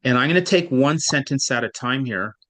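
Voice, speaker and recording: A man's voice: mid-range voice, lively intonation, a little fast, fairly bright tone. A man tutoring a student in reading, explaining patiently and at length, with frequent restarts. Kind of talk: one-on-one online tutoring.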